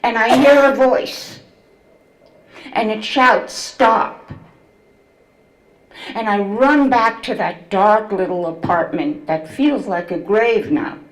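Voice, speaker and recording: An older woman tells her own story in a slow, measured voice, lingering on each phrase with deep feeling. Her voice sits at an ordinary middle pitch. The sound carries a noticeable room echo. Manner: slow, deliberate, emotional storytelling with quoted voices. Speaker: memoir author telling her story. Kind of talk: first-person storytelling to an audience.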